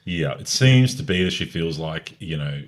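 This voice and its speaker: A man's voice: low-pitched, animated, moderate pace. A man co-hosting a casual film review podcast, easygoing with dry teasing. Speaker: podcast co-host.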